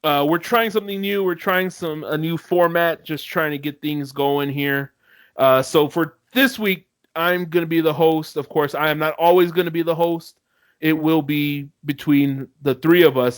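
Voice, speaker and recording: A man's voice: fairly high pitch, clean tone, no room sound. A man hosting a casual podcast chat, loose and profane, laughing easily. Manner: loose and swearing, quick laughs. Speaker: podcast host.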